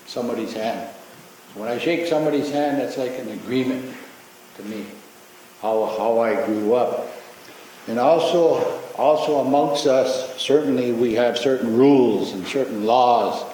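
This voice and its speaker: A man giving a ceremonial opening acknowledgment in a large courtroom, talking slowly and reflectively with frequent pauses and repetitions. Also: mid-range voice, a little mellow, a little hiss or hum. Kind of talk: ceremonial public address. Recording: very echoey hall with long reverb.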